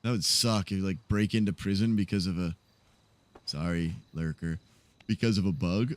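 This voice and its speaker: A man's voice: sits low, normal speed. A man streaming a roleplay game, chatting casually and animatedly to his viewers, laughing often.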